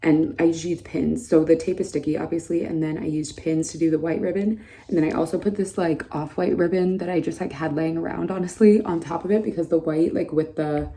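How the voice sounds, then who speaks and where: A woman chats through a casual vlog from an indoor mud room, her voice going hoarse. She rambles with many fillers and "like"s, in a lowish, mellow tone. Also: steady tone, a little fast. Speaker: bride vlogging her wedding week.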